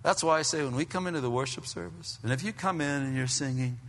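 Male pastor, bright high voice, animated delivery swinging between shouts and hushes, recorded in a reverberant church hall. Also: fast talker. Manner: animated preaching, acts out scenes, drops to hushed tones. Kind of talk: sermon.

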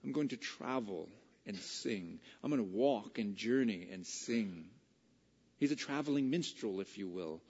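A man preaching a casual, conversational Bible study sermon that builds to excited, emphatic peaks. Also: medium pitch, in a large hall, dull audio.

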